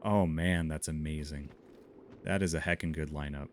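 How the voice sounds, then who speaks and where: In a bass voice with fairly even intonation and a moderate pace, a man from Montana, USA, with an Upper Midwestern (Minnesotan) accent offers casual gameplay commentary, chatting with his chat and laughing often. There's a little hiss or hum.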